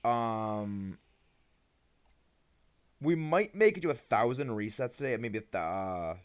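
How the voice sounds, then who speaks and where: A young man talks to his stream in a loose, meandering way, trailing off and circling back to his point. He sounds tired and a little sleepy, yet his pitch bounces around a lot as he talks. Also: animated, takes it slowly, clean tone. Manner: rambling, hesitant, restarts often. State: tired, yawning. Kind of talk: casual live-stream chat.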